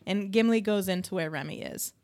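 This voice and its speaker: A woman's voice: medium pitch, fairly quick, darkish tone. A woman co-hosting a podcast, chatting casually about an episode and quoting her own reactions. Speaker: podcast co-host. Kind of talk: casual chat recapping an episode.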